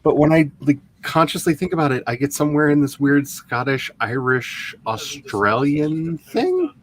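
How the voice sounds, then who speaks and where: A man in casual stream chat, animated and laughing often. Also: on the high side, moderate pace.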